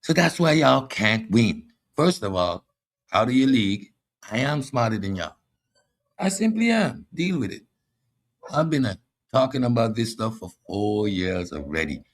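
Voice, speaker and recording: A man's voice: medium pitch, sing-song, measured pace. A man with a Caribbean accent hosting a combative philosophy monologue, boastful and mocking toward his audience. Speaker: host.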